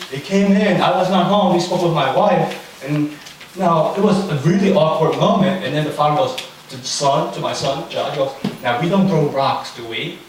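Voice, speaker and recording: A young man preaching in a casual, storytelling way, chatty with many fillers. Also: fairly high pitch. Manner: chatty, anecdotal, lots of fillers. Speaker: pastor. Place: church hall. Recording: very echoey room, far from the mic, faint noise.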